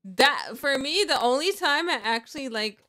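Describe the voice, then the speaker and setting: A woman guest chatting casually on a stream, animated and excitable. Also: high-pitched. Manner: animated, excitable, quick to laugh. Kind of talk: casual chat.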